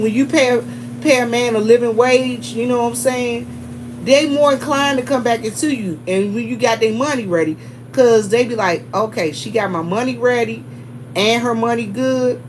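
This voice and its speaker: A middle-aged woman, casually telling a story to her viewers, animated and chatty, often calling them y'all and breaking into laughs. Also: a little high, background noise. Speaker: vlogger.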